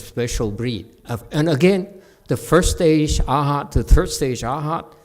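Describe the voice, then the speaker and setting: A man teaching a conversational Buddhist lecture in a temple hall, with chuckling asides to his listeners. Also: medium pitch. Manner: animated, chuckling asides to the audience.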